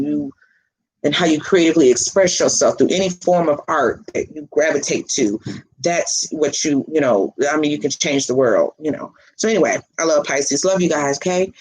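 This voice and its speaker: A woman's voice: low voice, darkish tone, husky, rough recording. A woman spiritual reader chatting casually on a livestream, rambling and laughing often, with casual swearing.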